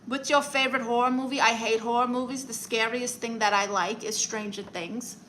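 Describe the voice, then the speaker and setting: Her voice is fairly high, steady and a bit bright, though the audio is poor with slight background noise. Live-streaming casually from home, the young Brooklyn woman with a New York accent reads comments aloud and shoots back sassy, playful comebacks.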